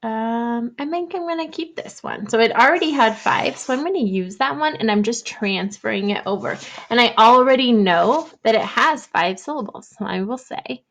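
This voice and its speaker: A young adult woman teacher giving an online writing lesson to young children, thinking aloud in a gentle, encouraging way. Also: on the high side, expressive, normal speed.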